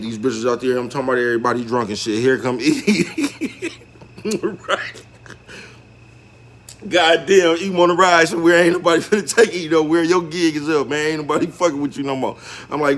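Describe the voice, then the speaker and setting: A man's voice: a little high, steady tone, normal speed, a bit bright. A man telling a street story in casual slang, laughing through his words.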